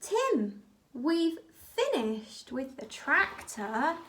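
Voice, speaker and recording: This early-years teacher runs a bucket activity for a small child, speaking extremely slowly in a high, fairly bright, sing-song voice. She narrates the toys with exaggerated delight and plenty of gasps.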